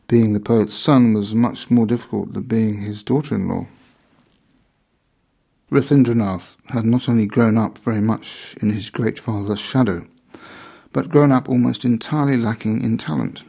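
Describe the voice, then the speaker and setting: A man reading a memoir aloud in measured, deliberate scripted narration. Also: lowish voice, creaky, warm tone, slightly rough.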